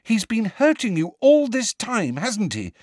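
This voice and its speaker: Man putting on a shrill frightened young witch. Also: wildly swooping pitch, measured pace, dry recording, clean studio sound, exaggerated voice. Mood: pleading. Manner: shrill, breathless.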